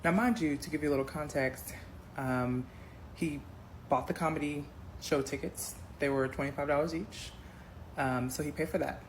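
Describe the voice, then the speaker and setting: A woman telling a dating story in a casual storytime, addressing viewers as y'all with animated emphasis. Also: deep voice, moderate pace, slight background noise, poor audio. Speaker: storyteller in a clip.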